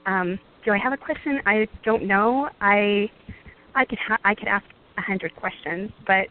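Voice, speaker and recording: Gentle rambling woman caller on the phone. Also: mid-range voice, moderate pace. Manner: rambling, gentle, with frequent "um"s and soft laughs. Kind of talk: casual call-in question. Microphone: phone call. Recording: tinny phone line.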